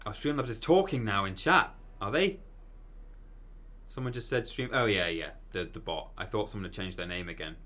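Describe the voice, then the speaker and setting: A man chatting casually while streaming a video game, rambling and bursting into excited exclamations. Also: lowish voice, normal speed. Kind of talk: casual gaming stream commentary.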